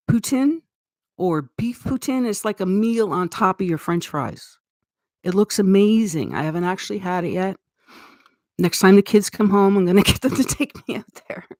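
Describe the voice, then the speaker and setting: A woman's voice: lowish voice, dry recording, studio quality. A middle-aged woman from Eastern Canada with a Canadian accent, chatting casually on a live stream in a rambling way and laughing often. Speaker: livestream host.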